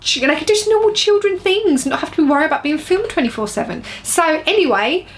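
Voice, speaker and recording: A woman's voice: high voice, expressive, fast talker, a little hiss or hum. A woman vlogging to camera in an emotional rant, earnest and repeating words for emphasis. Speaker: beauty vlogger.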